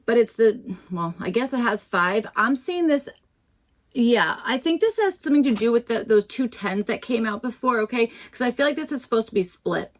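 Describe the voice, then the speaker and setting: A woman's voice: a little high, animated, moderate pace. Chatty rambling woman reading tarot. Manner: rambling, many fillers and restarts; chatty and self-deprecating. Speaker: tarot reader. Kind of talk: casual tarot reading to camera.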